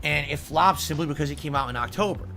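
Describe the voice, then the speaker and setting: Bright-voiced male gaming news host. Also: fairly high pitch, fast talker, gravelly, soft background music. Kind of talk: scripted gaming news segment.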